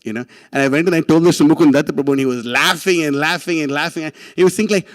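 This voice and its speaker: A man giving a religious class, telling a story in an animated, casual way with many restarts and laughs. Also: a little high, rapid-fire, hardly any pauses, big-room sound.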